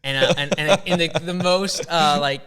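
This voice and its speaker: A man's voice: fairly high pitch, moderate pace, fairly bright tone. A man co-hosting a podcast in a laid-back casual chat, laughing often. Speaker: podcast co-host.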